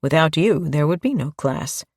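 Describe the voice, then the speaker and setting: A woman voicing a gentle, soft-spoken male priest in an audiobook, often dropping to a whisper. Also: low-pitched, expressive, normal speed, breathy edge, no room sound, clean studio sound.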